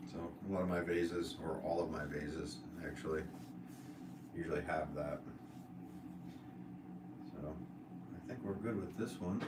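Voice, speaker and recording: A relaxed, chatty man with a lowish voice, talking through his pottery work on a live stream. He teases himself easily and keeps the tone loose. The sound is roomy and echoey, picked up from some distance with steady background noise. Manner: relaxed, chatty, self-deprecating. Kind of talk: casual live-stream chat while working at the wheel. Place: pottery studio.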